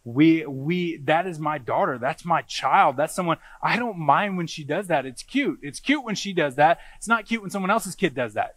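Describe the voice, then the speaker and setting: A man in his thirties delivers a sermon as a pastor, slipping into a loose, storytelling tone. His voice sits a bit high for a man. The sound is dry and close, with no room echo. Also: expressive, moderate pace, hardly any pauses, a bit bright. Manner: conversational storytelling preaching.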